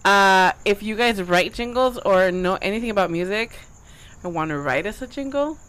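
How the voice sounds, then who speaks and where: A woman co-hosting a casual podcast, giggly and animated. She introduces segments in a relaxed, chatty way. Her pitch is average for a woman. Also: moderate pace, smooth, rough recording. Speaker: podcast co-host. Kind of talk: casual chat. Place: backyard.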